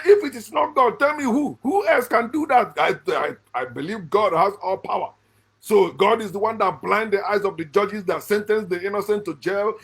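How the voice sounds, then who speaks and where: Swinging from loud, high-pitched bursts down to low mutters, a middle-aged man from Africa delivers emphatic commentary as host of a channel. He frequently starts his sentences over, and his voice is slightly rough.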